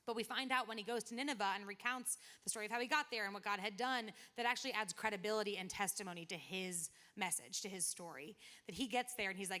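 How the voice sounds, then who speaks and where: A woman gives a relaxed, conversational sermon, with a bright, forward tone. She retells old stories in everyday slang and slips into quick quoted asides as she goes. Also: medium pitch. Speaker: preacher. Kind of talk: casual sermon.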